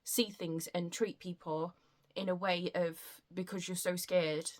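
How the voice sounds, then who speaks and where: A woman chatting casually in a reading vlog, rambling and warm-hearted about books. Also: fairly low pitch, fairly even intonation, measured pace. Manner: chatty, rambling, emotional when grateful. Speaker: book vlogger.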